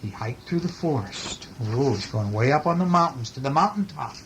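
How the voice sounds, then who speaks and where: A father reading a bedtime picture book aloud to his child, gentle, stopping to ask questions as he goes. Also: medium pitch, expressive, normal speed, heavy background noise.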